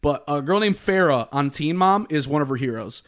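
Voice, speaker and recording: A man's voice: a little high, lively intonation, a little fast, fairly bright tone. A young man co-hosting a podcast, chatting casually in a rambling way, with lots of "like", swearing and laughter. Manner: rambling, heavy use of "like", swears and laughs often. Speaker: podcast co-host. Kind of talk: casual chat.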